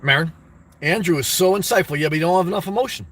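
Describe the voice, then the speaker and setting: High, bright-voiced man rambling excitedly. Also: quick pace, breathy edge. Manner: rambling, excitable, crude and off-the-cuff. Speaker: livestream host reading chat. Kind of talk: rambling casual livestream chat. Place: inside his car.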